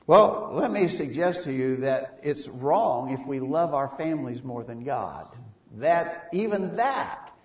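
A man's voice: mid-range voice, expressive, a little slow, a little mellow. A man preaching a sermon in a church, emphatic and posing rhetorical questions to his congregation. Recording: echoey, distant, dull.

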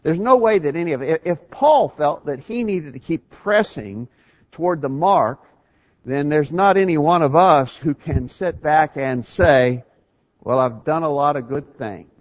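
A man's voice: a little high, lively intonation, a little slow, highs cut off. A man preaching a sermon in an earnest, emphatic way, often restarting his phrases.

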